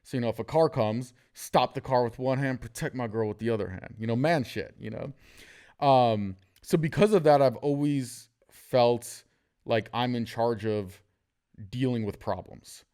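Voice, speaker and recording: A man's voice: mid-range voice, moderate pace, darkish tone, smooth. A man hosting a casual podcast, telling jokey stories and acting out the people in them. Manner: storytelling, jokey, acts out quotes. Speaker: podcast host.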